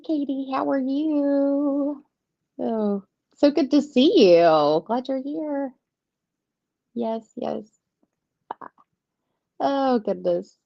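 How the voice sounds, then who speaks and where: A woman's voice: high voice, creaky, no echo. A woman, hosting a casual live tarot stream, chatty and giggly, rambling and greeting viewers by name. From southeastern United States. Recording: dull lo-fi stream audio, dry.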